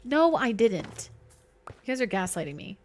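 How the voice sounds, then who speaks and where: A woman's voice: mid-range voice, big pitch swings, a little slow, slight background noise. A woman streaming a game, chatting playfully with her viewers and herself. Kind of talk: casual live-stream chat while gaming.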